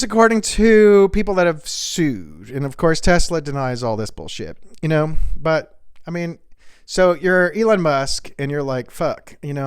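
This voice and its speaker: A man rattles through celebrity news with crude asides and rambling tangents. His voice is smooth and slightly high, recorded dry and close. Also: dry recording. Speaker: comedian host. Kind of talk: stand-up style celebrity news jokes.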